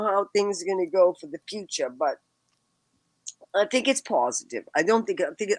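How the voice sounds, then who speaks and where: A woman's voice: fairly low pitch, no room sound, rough recording. A woman in her sixties with a Boston accent, a guest telling stories in a casual chat and laughing often between phrases. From Boston, USA. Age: 60s.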